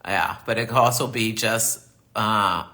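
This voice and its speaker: A man's voice: on the low side, measured pace, sharp tone. A man hosting a live astrology reading, chatty and affirming as he answers viewer comments. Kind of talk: live-stream reading and chat.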